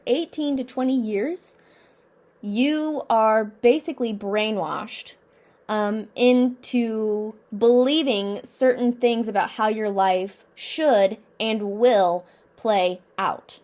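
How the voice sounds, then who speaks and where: Earnest young woman talking to camera. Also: fairly high pitch. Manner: earnest, repeats phrases for emphasis, asks herself questions. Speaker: vlogger. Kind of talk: personal motivational talk to camera.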